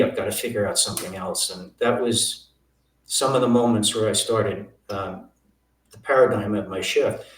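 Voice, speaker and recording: An older man recounts his past as an interview guest, slipping into the voices of the people in his story. His voice is mid-pitched. The sound is roomy, with the mic set some distance away. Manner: vivid storytelling, acts out quoted dialogue.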